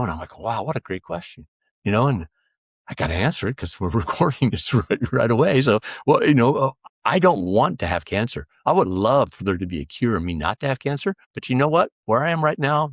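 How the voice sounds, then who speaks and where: A man's voice: fairly low pitch, no echo, clean studio sound. A man talking as a podcast guest, reflective and determined, with many "you know" fillers. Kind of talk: casual interview conversation.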